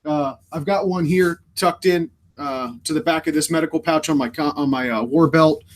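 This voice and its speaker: An American man co-hosting a live stream, talking in a relaxed, rambling way with a lot of ums. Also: fairly high pitch, moderate pace. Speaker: podcast co-host. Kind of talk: casual live-stream chat.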